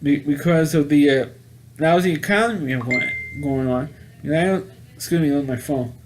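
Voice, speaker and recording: A man casually recapping a movie plot, rambling and halting with many restarts and repeated words. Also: a little high, slight background noise. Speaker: movie reviewer.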